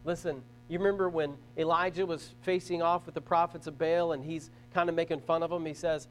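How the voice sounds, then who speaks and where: A man's voice: a little high, fairly even intonation, fairly quick, few pauses. A man preaching a sermon as pastor to a church congregation, earnest and emphatic, repeating phrases as he builds a point.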